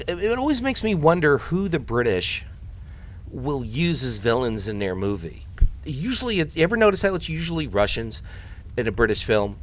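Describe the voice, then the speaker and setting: A man's voice: on the low side, a little hiss or hum. A man hosting a let's play, rambling between topics, joking and taunting the enemies he fights. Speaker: gaming video host.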